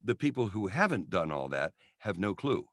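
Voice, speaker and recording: A middle-aged man co-hosting a casual chat, an animated storyteller who acts out the people he quotes. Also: sits low, normal speed, no echo, studio quality. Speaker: podcast co-host, voiceover coach.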